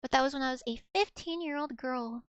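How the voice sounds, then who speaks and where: A woman streaming as a VTuber talks in a high voice, rambling through casual chat full of fillers and self-corrections. The sound is dry and close, with no room around it. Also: fairly quick, clear, resonant tone, no room sound, highs cut off. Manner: rambling, filler-heavy, many restarts.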